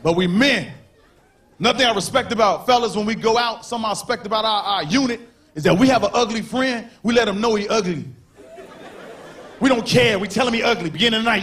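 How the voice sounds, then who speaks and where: A man doing a stand-up comedy routine on stage, talking in an animated way and acting out characters in quick voices. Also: high voice. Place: comedy club stage before a live audience. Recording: live show with crowd laughter and faint noise.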